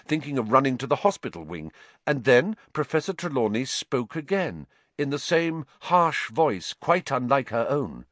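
A man reading a story aloud in an expressive, measured way. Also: mid-range voice, no echo. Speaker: audiobook narrator. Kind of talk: scripted narration.

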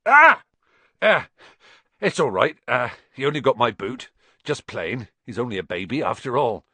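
A man voices a giant, soft-hearted gamekeeper from a storybook. He puffs and talks gruffly, with his voice swinging widely. The sound is dry and close. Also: mid-range voice, lively intonation, normal speed, dry recording. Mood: puffing. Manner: puffing, gruff and tearful.

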